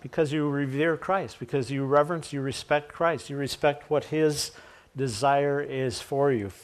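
A man's voice: medium pitch, fairly even intonation, moderate pace. Man preaching a sermon, reading scripture and joking. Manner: reads scripture aloud, then explains it with jokes and asides. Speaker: pastor.

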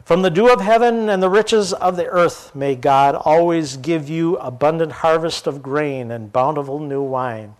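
A man reading aloud, voicing an old blind father who pronounces a blessing in a solemn, measured way. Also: fairly high pitch, clean tone, natural voice.

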